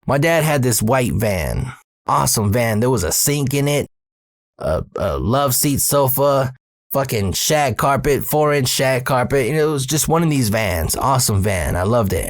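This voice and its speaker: A man in his thirties from Arizona, USA tells a personal story as a storyteller host, his medium-pitched voice moving at normal speed. He's casual, profane and full of streetwise slang, getting animated when excited. The recording is clean studio sound with no room noise.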